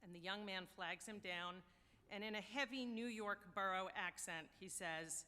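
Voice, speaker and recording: An American woman, a university official, giving a wry, measured ceremonial address at a podium in a large hall. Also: medium pitch, pushed and bright. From United States. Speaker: university deputy provost. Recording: long hall reverb.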